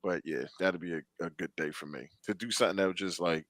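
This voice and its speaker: A man co-hosting a podcast, talking in a relaxed, laid-back way and dropping his voice low. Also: fast, no room sound. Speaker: podcast co-host. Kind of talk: casual chat.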